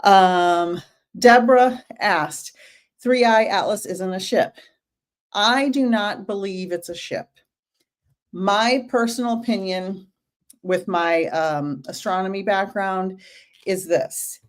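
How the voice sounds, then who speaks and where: A woman's voice: medium pitch, takes it slowly. A woman hosting a casual live stream Q&A as a medium, chatty and greeting viewers by name, a little out of breath.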